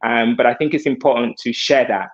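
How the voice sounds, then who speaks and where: A man's voice: medium pitch, steady tone, a little fast. Earnest man on a muffled call. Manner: earnest, reflective, self-deprecating. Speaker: hairstylist guest. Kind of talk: heartfelt conversational sharing.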